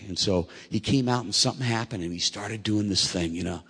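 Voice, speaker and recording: Husky-voiced middle-aged preacher in a hall. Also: male voice, lowish voice, a little fast. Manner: earnest, emotional storytelling that swells to loud peaks. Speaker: preacher and track coach. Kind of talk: sermon with personal story.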